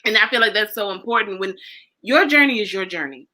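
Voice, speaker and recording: Woman host, bright voice, encouraging, talks like a sermon. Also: mid-range voice, lively intonation, fairly quick, rough recording. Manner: encouraging, preachy and conversational. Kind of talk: casual interview chat.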